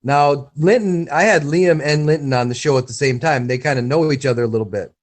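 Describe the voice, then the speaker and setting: A man's voice: on the high side, a little fast. Teasing male fight-show co-host. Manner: teasing, crude banter. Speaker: podcast co-host. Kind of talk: casual live fight commentary.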